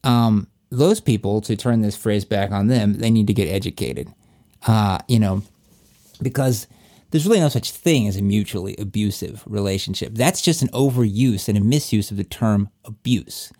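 A man's voice: lowish voice, moderate pace, dark tone. A man talking in a casual, opinionated chat, emphatic and cursing often as he acts out quoted voices.

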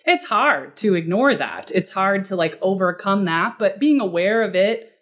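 A woman speaking as a guest expert in a podcast interview, casual and animated, often acting out short quoted exchanges. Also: mid-range voice, normal speed. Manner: animated, acts out client dialogue in quoted voices; casual, uses fillers like "like" and "you know".

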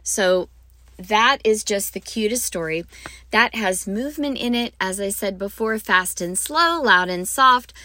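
A woman's voice: mid-range voice, expressive, unhurried, sharp tone. A woman hosting a podcast for music teachers, talking in a bubbly, gushing way with frequent ums. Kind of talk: enthusiastic teaching talk.

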